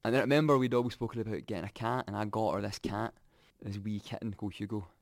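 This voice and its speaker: A young Scottish man telling his own story candidly, reflective and halting, often restarting his sentences. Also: fairly low pitch, steady tone, vocal fry, dry recording, clean studio sound.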